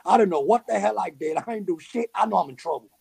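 A man with a New York accent telling a story in a casual, animated way, full of slang and fillers. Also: sits high, fast talker, vocal fry, slightly rough. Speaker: podcast guest.

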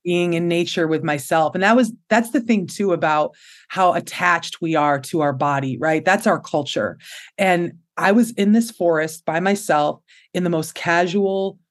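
A woman's voice: fairly low pitch, moderate pace. A woman hosting a podcast, speaking openly and reflectively in casual conversation. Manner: open and reflective, with short affirmations.

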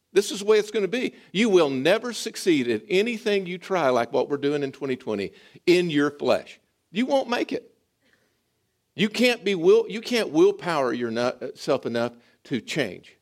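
A man preaching a sermon, his voice rising and falling in a lively swing. He sits a little higher than most men and speaks straight to the congregation, pulling them in. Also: normal speed. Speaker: pastor.

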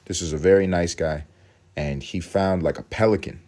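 Young male podcast host, very low voice, profane rambling rant. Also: fairly even intonation, moderate pace, darkish tone. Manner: profane, rambling, self-mocking. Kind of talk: casual solo podcast rant.

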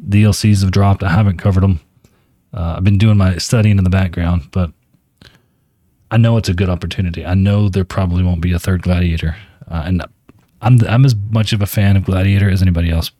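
A low-pitched man with a dark, mellow tone, holding a breezy, self-important phone call in a comedy skit. He stumbles through ums and restarts as he talks. The recording is dry and close. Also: steady tone, brisk, no echo. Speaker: podcast host doing a comedy phone skit.

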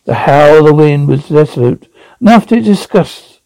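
A man reads an audiobook in a somewhat high yet gravelly, mellow voice. He reads haltingly, often correcting himself mid-word. The recording is dry and close. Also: lively intonation, dry recording, poor audio. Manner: halting reading with frequent self-corrections. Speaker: audiobook reader. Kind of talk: audiobook narration.

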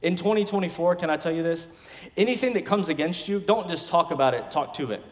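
A man in his thirties, a pastor, preaching a sermon in emphatic bursts with quiet asides between. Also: a little high, fast talker. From West Texas. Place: large church sanctuary. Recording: long hall reverb from a church sanctuary.

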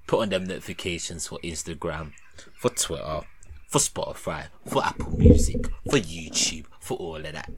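A young man co-hosting a casual podcast, teasing his friend in quick slang banter. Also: sits low, fairly bright tone, a little hiss or hum. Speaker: podcast co-host.

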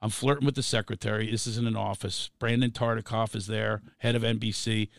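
A middle-aged man, a comedian guest on a podcast, telling an animated anecdote and laughing between lines. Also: lowish voice, brisk, vocal fry, dry recording, studio quality. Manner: animated, acts out voices, laughs through his lines.

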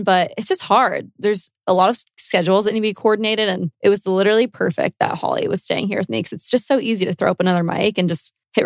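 A woman's voice: mid-range voice, dry recording, clean studio sound. Upbeat woman podcast co-host. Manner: upbeat, reads listener notes. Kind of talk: casual podcast chat.

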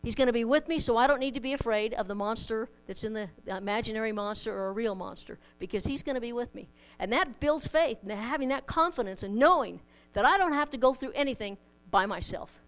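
A woman preaches to her congregation rapidly and with few pauses, her fairly high voice animated and clean in tone despite a rough recording. The sermon stays conversational and down-to-earth, combining scripture, homely stories and light humor.

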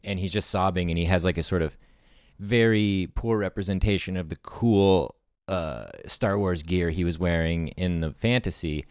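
A man with a very low, smooth, resonant voice laying out story scenes like film cuts in a relaxed brainstorm. The sound is close and dry, with no room around it. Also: normal speed, no room sound. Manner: relaxed, filler-heavy, pitches scenes like a film cut. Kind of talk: casual creative brainstorm.

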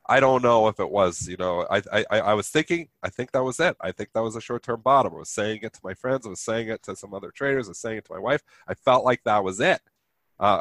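A man's voice: lowish voice, fairly bright tone, no echo. A man with a nasal voice from a sinus infection, giving blunt, emphatic market commentary as co-host.

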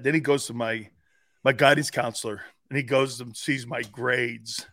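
A man co-hosting a sports talk show, telling lively stories and acting out the voices of the people in them. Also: medium pitch, normal speed, no room sound, clean studio sound. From Italian-American family. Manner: animated storyteller, acts out quotes, laughs often. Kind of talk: casual sports talk storytelling.

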